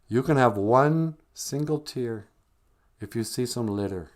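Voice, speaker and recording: A man's voice: medium pitch, unhurried. A man hosting a live stream, talking casually and with dry humor about emotions and spirit. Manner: wry, joking, conversational, slips into comic voices. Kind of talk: casual teaching monologue.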